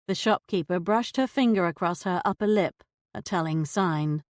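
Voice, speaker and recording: A woman narrating a cozy period mystery audiobook in a measured, even storytelling voice. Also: on the low side, no echo, clean studio sound.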